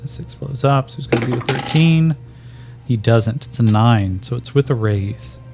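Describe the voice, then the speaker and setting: A man narrating a solo tabletop game as game master, calling out dice rolls in a measured way. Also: mid-range voice, expressive, music in the background.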